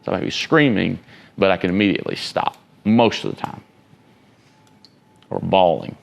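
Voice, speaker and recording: A man's voice: sits low, expressive, moderate pace, creaky, slight background noise. A man giving an informal motivational talk to students, emphatic and rambling, often checking whether the room follows him. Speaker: entrepreneur and motivational speaker.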